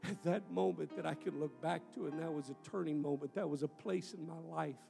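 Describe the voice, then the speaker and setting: A man pastor preaching a sermon to his congregation in a church, his delivery swelling loud and falling to near whispers. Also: on the high side, brisk, creaky, soft background music. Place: church sanctuary. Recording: roomy hall with long reverb.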